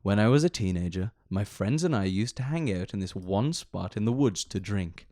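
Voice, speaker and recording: Brief: male podcast host, lively sing-song pitch, rambling and giggly as he reads. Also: moderate pace, no room sound, studio quality. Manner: rambling, giggly, often breaks into laughter. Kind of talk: casual comedic chat and story reading.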